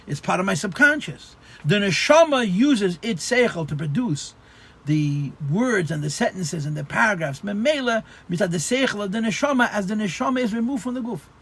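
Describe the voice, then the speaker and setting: Man, rabbi, Torah class, high voice, husky, explanatory, restarts words. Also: lively intonation, normal speed, fairly bright tone. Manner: explanatory, repeats phrases, stammers restarts. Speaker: rabbi teaching Chassidus.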